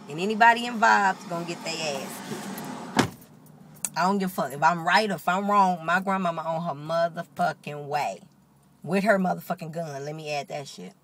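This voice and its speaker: With slight background noise, a low-voiced woman vlogger recounts a story casually on camera. She swears freely, stays animated, and acts out the people she quotes.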